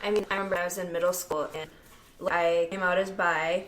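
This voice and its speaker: A woman's voice: lowish voice, fairly even intonation, a little fast, fairly bright tone. A young adult woman co-hosting a casual talk podcast, speaking frankly and chattily, with lots of "like" and "I mean". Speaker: co-host.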